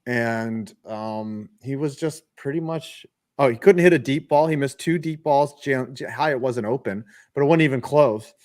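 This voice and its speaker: Young guy calling the game live, chatty and animated, stumbles over words a lot. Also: mid-range voice, moderate pace. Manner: animated, restarts often, jokes around. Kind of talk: casual play-by-play chat.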